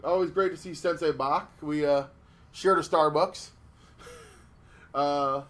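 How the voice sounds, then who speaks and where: Animated, cursing male podcast host. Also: fairly high pitch, slow pace. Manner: animated storytelling with profanity and restarts. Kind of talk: casual podcast chat.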